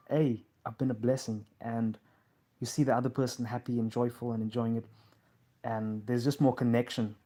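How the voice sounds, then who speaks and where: A man hosting a live Q&A from a couch in a lounge, talking in a loose, rambling way. He fills pauses with um and like, and addresses listeners as bro and man. His voice sits at an everyday middle pitch. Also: mellow. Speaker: host of a live Q&A stream. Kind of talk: casual live-stream talk.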